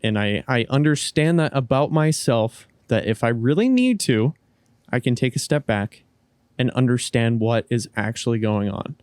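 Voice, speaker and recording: A man's voice: medium pitch, normal speed, darkish tone, no echo. Rambling, swearing podcast man. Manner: rambling, restarts often, swears casually. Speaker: podcast co-host. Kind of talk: casual podcast discussion.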